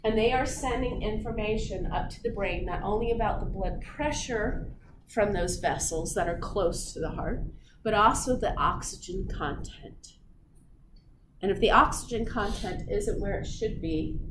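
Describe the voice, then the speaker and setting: Female lecturer, playful and teasing with the class, measured slow delivery, room recording with background noise. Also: mid-range voice. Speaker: physiology lecturer.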